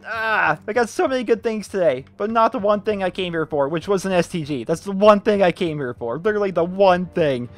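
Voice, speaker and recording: A young man giving gameplay commentary while opening loot drops, talking in an animated, exasperated, pleading way. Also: high-pitched, brisk, hardly any pauses. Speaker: gaming YouTuber.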